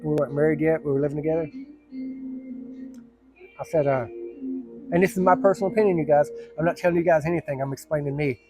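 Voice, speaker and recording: Middle-aged man with a somewhat high voice, talks bluntly and rambles through a story. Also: fast talker, pauses often, music in the background. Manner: blunt, profane, rambling with many restarts. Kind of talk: casual personal storytelling to camera.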